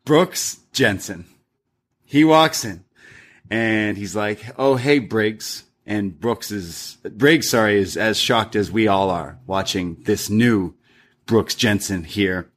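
A man with a fairly low voice walks his co-host through the episode in a relaxed podcast chat. His recap is wry and dry, and he reads the odd quote aloud along the way. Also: slow. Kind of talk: casual podcast show recap.

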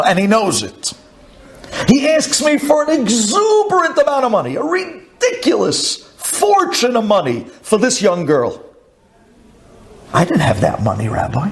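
A man's voice: a little high, a little hiss or hum. A man voicing a humble male butcher who earnestly recounts an old memory to a rabbi. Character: humble middle-aged male butcher, confiding.

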